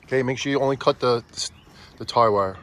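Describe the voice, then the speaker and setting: A father vlogs while unboxing a prop with his kids, chatting, teasing them, and getting excited easily. His mid-range voice runs a little fast in this casual conversation.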